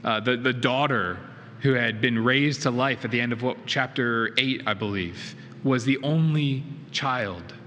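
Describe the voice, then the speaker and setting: Posing rhetorical questions with earnest emphasis, a male pastor delivers his sermon inside a church sanctuary. He has a sharp-toned, mid-range voice, and the hall is reverberant with a little faint noise.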